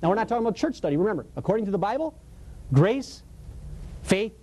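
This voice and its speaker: Preacher, male, high mellow voice, casual and emphatic sermon delivery. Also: sing-song, fast talker, slightly rough. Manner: storytelling, emphatic, colloquial, laughs often. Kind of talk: conversational sermon.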